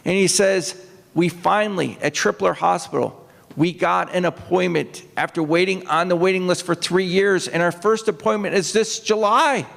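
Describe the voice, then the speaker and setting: Gravelly older man telling a story. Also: high voice, normal speed, a bit bright. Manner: earnest, emotional storytelling, rises into acted quotes. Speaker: retired naval officer speaking at a book event. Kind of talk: personal storytelling talk. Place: opera house stage. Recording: long hall reverb.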